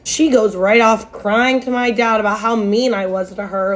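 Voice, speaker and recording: A young woman with a fairly high voice narrates a scripted storytime. She sounds sarcastic and exasperated, and her pitch leaps up sharply when something annoys her. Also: fairly even intonation, normal speed, hardly any pauses.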